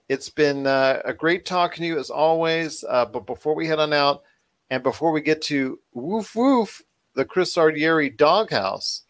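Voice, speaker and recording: A man's voice: fairly high pitch, fairly bright tone. Earnest man talking football. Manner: earnest, repeats himself, trails off at times. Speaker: podcast host. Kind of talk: casual sports talk.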